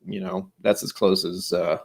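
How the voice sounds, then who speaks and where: At normal speed and in a low-pitched, level, slightly rough voice, an American man hosts a casual solo whisky-tasting livestream. He sits at a desk with glasses in a home room, rambling and making fun of himself as he sets up and talks to himself.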